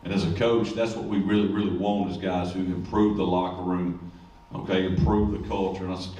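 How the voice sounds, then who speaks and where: A man, a high school football coach giving a rambling, joking ceremony speech. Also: level tone, brisk, few pauses, warm tone. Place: school event room. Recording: echoey room, distant mic, faint noise.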